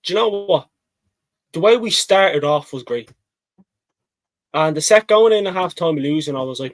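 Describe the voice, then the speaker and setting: A man co-hosting a casual football match-reaction chat, excitable and rambling, often calling his co-host mate. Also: fairly high pitch, moderate pace, long pauses, dry recording, poor audio.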